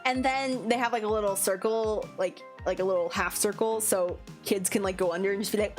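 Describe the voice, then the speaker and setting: A woman's voice: mid-range voice, fairly quick, hardly any pauses. A young woman streaming, chatting casually about her day with frequent fillers, giggles, and playful silly voices. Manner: giggly, rambling, many fillers; animated, playful voices in quoted bits. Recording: faint background music.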